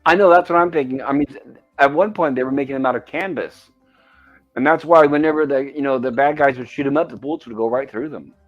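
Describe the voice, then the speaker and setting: Male host, casual episode recap, mid-pitched voice, muffled recording. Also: fast, soft background music. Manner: narrates scenes and reads quoted lines aloud. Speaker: show host.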